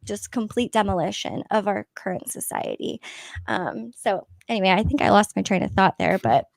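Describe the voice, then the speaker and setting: A woman's voice: mid-range voice, sing-song, normal speed, vocal fry, dry recording. A woman guest in a casual political talk stream, rambling and hesitant with many ums.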